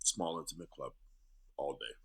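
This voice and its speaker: A middle-aged male comedian telling stories in a casual interview, animated and acting out voices. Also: rumbling low, normal speed, creaky, breathy edge. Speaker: comedian guest.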